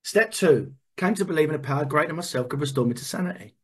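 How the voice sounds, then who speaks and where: A man tells a personal story in a candid, lively way, with a voice a little higher than most men's. He repeats words as he goes and swears now and then. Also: fast talker, slightly rough. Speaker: speaker sharing a recovery story.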